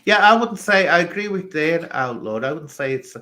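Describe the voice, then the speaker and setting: A man's voice: fairly high pitch, lively intonation, normal speed, pushed and bright. A man from England hosting a casual live stream, ranting animatedly and talking straight to people in the chat.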